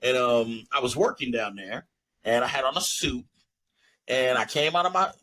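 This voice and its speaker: A young man co-hosting a podcast, chatting casually and telling stories loudly with lots of laughter. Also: medium pitch, normal speed, rough recording. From New York. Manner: loud animated storytelling, lots of laughing. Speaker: podcast co-host. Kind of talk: casual chat.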